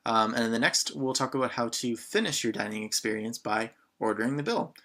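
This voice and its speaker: A man's voice: mid-range voice, a little fast, fairly bright tone. A man from Canada teaching a beginner lesson in a casual way, asking learners questions and often saying um. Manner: patient, prompts learners with questions, frequent ums. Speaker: French teacher.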